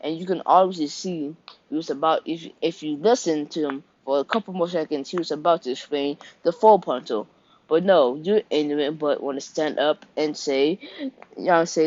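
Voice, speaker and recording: A man's voice: fairly high pitch, animated, normal speed, darkish tone. A young man casually retelling an improvised fan story, rambling, correcting himself and dropping offhand asides. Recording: dull lo-fi recording.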